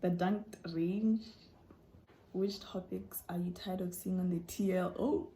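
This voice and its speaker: A woman's voice: lowish voice, a little hiss or hum. A young woman vlogger telling stories and answering viewer questions in a casual chat, acting out dialogue with sudden jumps in voice. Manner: animated, acts out dialogue with quick voice jumps.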